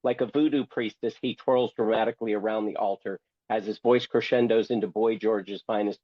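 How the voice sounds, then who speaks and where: A man's voice: fairly low pitch, steady tone, brisk, few pauses, dry recording, highs cut off. A man who is a guest and memoir author, telling a story theatrically and with humor, acting out other people's voices. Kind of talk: storytelling, reading from his memoir.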